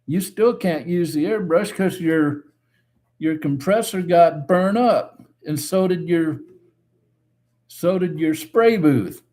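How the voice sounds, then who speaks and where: A man hosting a casual live stream, reading viewer comments aloud and answering them in a relaxed, chatty way. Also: on the high side, takes it slowly. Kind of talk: casual chat.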